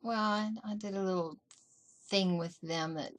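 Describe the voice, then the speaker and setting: A middle-aged woman vlogger telling family stories in a casual, animated way, acting out what her relatives said. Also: medium pitch, a little slow. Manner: animated, acts out family members in quotes. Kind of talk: casual storytelling. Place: indoors.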